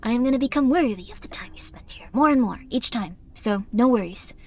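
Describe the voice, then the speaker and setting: A woman's voice: a little high, animated, a little fast. A woman streaming a game live, talking to chat in a rambling, earnest and apologetic way.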